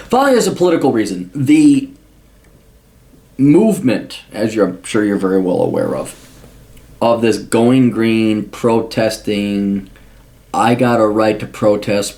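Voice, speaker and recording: A man's voice: on the low side, a little mellow. A man giving an angry, blunt, profane monologue answering a viewer's question, with frequent restarts. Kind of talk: ranting commentary monologue.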